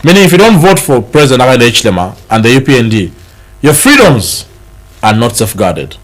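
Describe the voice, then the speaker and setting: A man's voice: medium pitch, fairly quick, rough recording. A Zambian man with a Zambian English accent, hosting a morning TV show, chatting casually over the newspapers and dropping in local words and jokes. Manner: animated, mixes in local words, jokes and laughs often. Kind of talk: casual chat reviewing newspapers. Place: TV studio.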